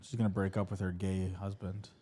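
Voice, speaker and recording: A man's voice: deep voice, level tone, brisk, mellow. Profane, joking male podcast co-host. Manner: loose, profane, jokey banter with fillers. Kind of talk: casual podcast chat.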